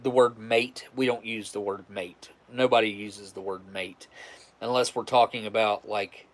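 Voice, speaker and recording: A man's voice: lowish voice, steady tone, normal speed. A man from West Virginia with a West Virginian accent, chatting casually and rambling with restarts on a live stream. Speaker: livestream host.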